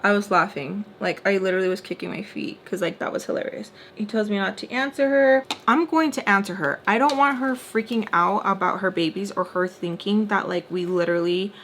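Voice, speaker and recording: A woman's voice: mid-range voice, a little fast, few pauses, fairly bright tone, slight background noise. A young woman in her twenties telling a story to the camera while doing her makeup, chatty and exasperated as she retells quoted back-and-forth. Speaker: storytime vlogger.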